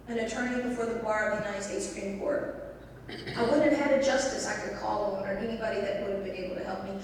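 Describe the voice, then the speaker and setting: A middle-aged woman giving a talk as a guest speaker, telling a story and acting out the voices of the people in it. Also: a little high. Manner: animated, acts out quoted voices. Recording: echoey hall from far off.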